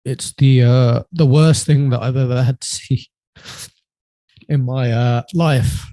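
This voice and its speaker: A man telling a personal story as a podcast guest, halting and hesitant, often trailing off quietly. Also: mid-range voice, fairly even intonation, dry recording.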